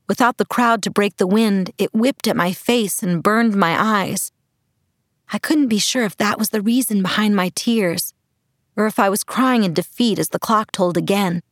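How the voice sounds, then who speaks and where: A woman's voice: medium pitch, no room sound. A woman narrating a first-person audiobook in a mid-range voice. She tells it with tense, urgent drive, close to the microphone. The booth is completely dry, with no room sound.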